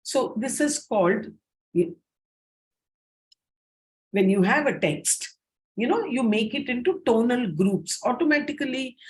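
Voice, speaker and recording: A woman with an Indian English accent leading a teacher training session, explaining how to read punctuation and demonstrating intonation aloud. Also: mid-range voice.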